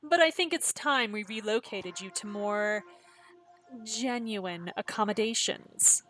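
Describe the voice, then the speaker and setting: A woman voicing a young girlfriend turned cold and sinister, speaking calmly with a sweet menace. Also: medium pitch, slow, faint music behind, low-quality recording.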